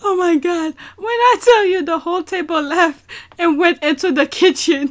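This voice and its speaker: Giggly high-voiced woman. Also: normal speed. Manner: keeps breaking into helpless laughter. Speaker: vlogger reacting to a clip. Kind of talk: casual reaction commentary.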